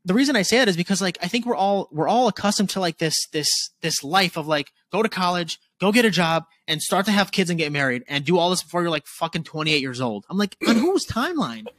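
A man in his twenties talking candidly as a podcast guest, casual and animated, swearing freely. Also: high voice, quick pace, few pauses, no echo. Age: 20s.

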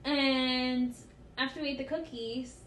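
A woman's voice: high-pitched, fairly even intonation, takes it slowly, a bit bright, roomy sound, slight background noise, poor audio. A woman co-hosting a casual chat, telling a story with lots of giggling. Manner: giggly, storytelling, frequent laughter. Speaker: podcast co-host.

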